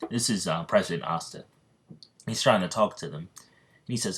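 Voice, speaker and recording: Casting: casual male storyteller, deep voice, rambling delivery. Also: moderate pace, slightly rough. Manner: rambling, full of fillers and restarts. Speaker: fan story narrator. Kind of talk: casual fan story narration.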